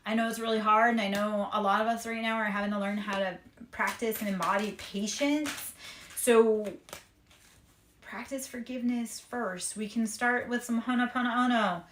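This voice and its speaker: A woman's voice: a little high, steady tone, normal speed, fairly bright tone, reverberant, a little hiss or hum. A woman giving a live-streamed tarot reading, speaking in a repetitive, affirming, spiritually encouraging way. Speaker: tarot reader. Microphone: streaming microphone.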